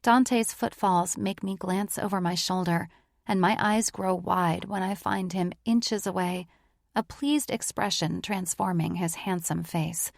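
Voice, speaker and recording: Gravelly female audiobook narrator. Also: lowish voice, steady tone, unhurried, no echo, clean studio sound. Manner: intimate, emotive first-person reading. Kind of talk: first-person romance narration.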